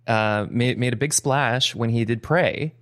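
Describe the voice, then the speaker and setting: A man's voice: mid-range voice, measured pace, a bit bright, no echo, clean studio sound. A man co-hosting a podcast, chatting casually with hesitant restarts. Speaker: podcast co-host. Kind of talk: casual chat.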